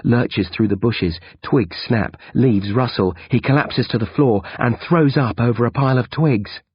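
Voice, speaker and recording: Brief: man reading a first-person thriller audiobook, raspy low voice, dry and muffled sound. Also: unhurried, no echo. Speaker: audiobook narrator. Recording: dull, dry lo-fi recording.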